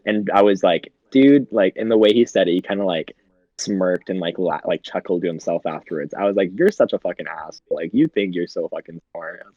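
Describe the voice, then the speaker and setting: A man's voice: low voice, brisk, dark tone, husky, no room sound, highs cut off. A young man co-hosting a podcast in casual chat, laughing often and swearing, with lots of fillers. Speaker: podcast co-host.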